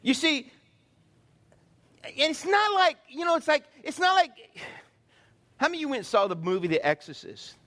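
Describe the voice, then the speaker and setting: A man preaching a sermon, animated, acting out voices and calling for responses from the congregation. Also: extremely high pitch, moderate pace, pauses often. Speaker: pastor.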